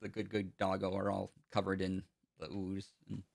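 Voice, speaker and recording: Chuckling low-voiced man running a game. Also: normal speed, vocal fry. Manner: relaxed, chuckling, loose with fillers. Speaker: game master. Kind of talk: narrating a tabletop game.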